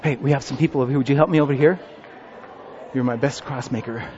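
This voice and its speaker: Upbeat pastor in a reverberant church. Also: male voice, mid-range voice, fast talker, a little mellow, some chatter behind. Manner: coaxing, upbeat, leads a group activity. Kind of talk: children's sermon. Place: church sanctuary. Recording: muffled sound in a reverberant church.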